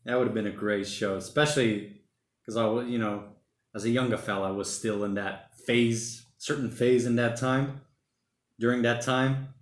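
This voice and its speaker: A man in his thirties hosts a laid-back livestream from home, chatting through viewer comments and wandering from thought to thought. His voice sits at an ordinary middle pitch. The room around him is noticeably echoey. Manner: rambling, thinking out loud, says mate and man a lot. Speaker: livestream host reading viewer chat. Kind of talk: casual solo livestream chat. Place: home during lockdown. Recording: roomy home room echo.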